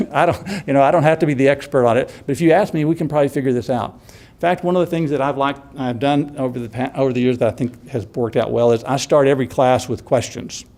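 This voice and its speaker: A man's voice: medium pitch, quick pace, a little mellow. A man presenting a workshop to college instructors, talking casually and laughing often while acting out students' questions. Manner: conversational, chuckles often, acts out student questions.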